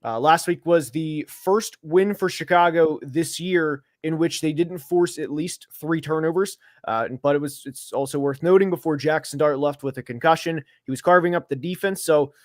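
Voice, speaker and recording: A man's voice: fairly high pitch, no echo, studio quality. Fired-up young-sounding sports podcaster man. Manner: animated, gets worked up, many fillers. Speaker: podcast co-host. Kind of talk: casual sports podcast analysis. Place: seated at home studio.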